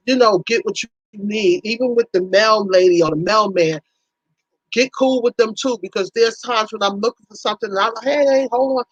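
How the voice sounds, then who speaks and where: A woman's voice: mid-range voice, dry recording, muffled recording. A woman hosting a casual livestream, chatting in a folksy way with her viewers and acting out little conversations. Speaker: livestream host.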